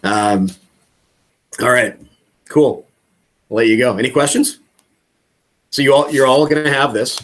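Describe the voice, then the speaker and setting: A man's voice: mid-range voice, a little slow, long pauses. A man coaching real estate agents on a video call, casual and joking. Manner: casual, joking, animated when acting out calls.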